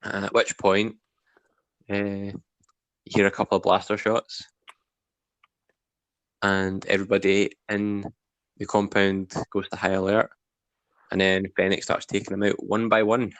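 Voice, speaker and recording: A man's voice: lowish voice, completely flat delivery, measured pace, long pauses, fairly bright tone, no echo. A man co-hosting a casual review podcast, recapping scenes in a plain storytelling way. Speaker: podcast co-host.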